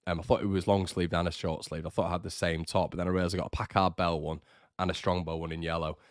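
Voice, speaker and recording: A man's voice: deep voice, flat delivery, quick pace, clear, resonant tone, no room sound, studio quality. A young man hosting a casual live stream, chatty and teasing as he reads out viewer comments. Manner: chatty and teasing, with frequent fillers and restarts. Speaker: host of a fan channel livestream.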